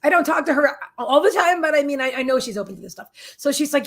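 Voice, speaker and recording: A middle-aged woman with a slightly high voice hosts a casual psychic livestream. She tells her story in an emotional, rambling way, restarting her sentences and turning aside to greet viewers in the chat. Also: quick pace, hardly any pauses, fairly bright tone.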